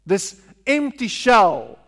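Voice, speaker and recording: Slow high-voiced preacher. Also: male voice, huge pitch swings, vocal fry, fairly bright tone. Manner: rhetorical questions, emphatic repetition. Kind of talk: sermon. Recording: long hall reverb.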